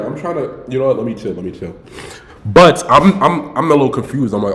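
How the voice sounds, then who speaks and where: A man's voice: medium pitch, lively intonation, fairly quick, fairly bright tone. A young man streaming, telling a story in a loose, slangy way with lots of swearing. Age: young adult. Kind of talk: casual storytelling livestream.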